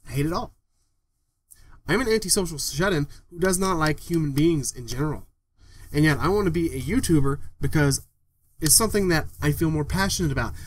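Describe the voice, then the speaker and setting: A young man ranting in a home vlog from his bedroom, swearing a lot and breaking into loud outbursts. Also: fairly high pitch. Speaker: vlogger. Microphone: desktop microphone.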